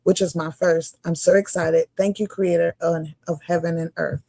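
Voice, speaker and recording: A woman's voice: lowish voice, flat delivery, moderate pace, warm tone, no room sound. A woman co-hosting a religious livestream, reading viewer comments aloud and often laughing.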